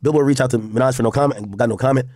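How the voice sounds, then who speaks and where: Fast-talking blunt male streamer. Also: mid-range voice, darkish tone, dry recording, clean studio sound. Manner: blunt, profane, reads posts aloud and reacts. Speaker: streamer reacting to news. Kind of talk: casual livestream commentary.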